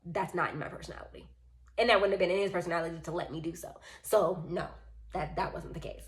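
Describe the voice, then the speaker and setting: Speaking fast in a fairly low voice, a female vlogger rambles through a casual storytime. She retells it animatedly, voicing the quotes of the other people involved.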